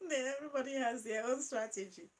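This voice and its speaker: A high-pitched woman hosts a live-stream chat, reading viewer comments aloud. She speaks slowly and playfully and keeps breaking into giggles as she talks. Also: poor audio. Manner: giggles often, laughing through her words; playful and animated, addressing viewers by name. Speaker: channel host.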